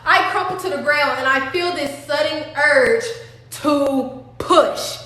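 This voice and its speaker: A woman's voice: high voice, slow pace, bright, forceful tone. A woman telling a personal storytime, dramatic and profane, talking straight to her viewers. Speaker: storytime vlogger. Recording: very echoey room.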